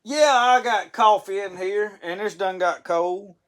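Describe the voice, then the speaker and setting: Man, stream host, fairly high pitch, rambling folksy chat with frequent restarts. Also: measured pace, fairly bright tone. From Mississippi. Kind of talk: casual live-stream chat.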